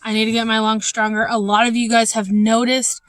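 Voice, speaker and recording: A young woman speaks candidly to her camera at home, halting often with fillers. Her voice sits a bit high, and the sound is dry and close. A lingering cough and slight breathlessness color her talk. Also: level tone, no room sound. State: ongoing cough, short of breath. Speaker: vlogger. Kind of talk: casual personal update.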